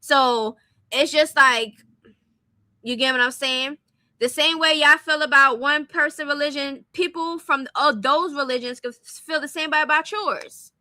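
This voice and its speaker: A woman's voice: high-pitched, steady tone, measured pace, pushed and bright, no room sound. A young adult woman giving blunt, opinionated casual commentary and talking straight to her viewers. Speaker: commentary streamer. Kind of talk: casual commentary on celebrity gossip.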